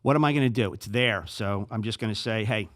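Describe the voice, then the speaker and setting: A middle-aged man from New Jersey with a New Jersey accent, hosting a podcast in casual, animated chat and talking with his hands. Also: fairly low pitch, a little fast, dry recording, clean studio sound. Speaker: podcast host.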